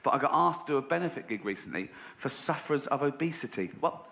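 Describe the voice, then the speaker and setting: Sardonic English comedian in a roomy live venue. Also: male voice, animated, fast, gravelly, heavy background noise. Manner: sardonic storytelling, voices other people with pitch jumps. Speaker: stand-up comedian. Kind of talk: stand-up routine.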